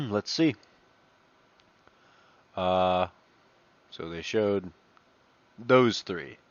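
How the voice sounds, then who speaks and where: A man's voice: fairly low pitch, very animated, drawn-out words, vocal fry, no echo, dull audio. A man casually reads online messages aloud and adds profane, mocking asides between them. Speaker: commentator reading online posts. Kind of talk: casual reading and commentary.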